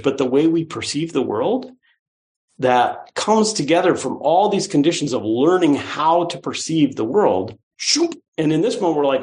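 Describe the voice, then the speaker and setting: Animated man giving a dharma talk. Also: on the high side, a little slow. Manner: animated, conversational, with playful vocal swoops. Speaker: Buddhist teacher.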